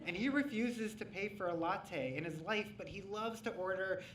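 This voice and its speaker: A man tells a funny true story before a live audience, wry and animated. His voice sits a bit high. It rings around a reverberant hall, picked up from a distance with a faint hum underneath. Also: moderate pace. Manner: wry, animated, comic timing.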